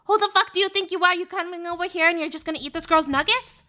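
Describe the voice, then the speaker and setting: A woman voicing a tough, gum-chewing street girl who yells aggressively. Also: very high-pitched, quick pace, pitched above the performer's own voice. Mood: outraged. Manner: aggressive yelling, confrontational.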